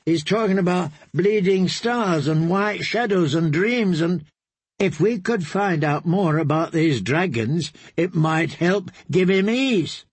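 An earnest, timid young man whose husky voice rises as he pleads, as a man voices him for an audiobook. He protests and begs in dry, close sound. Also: high-pitched, animated, slow pace, no room sound, full character voice. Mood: earnest pleading.

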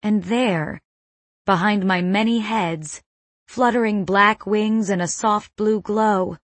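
A woman reading a first-person novel as an audiobook narrator, in a measured, suspenseful manner on a close mic. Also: medium pitch, fairly even intonation, dry recording.

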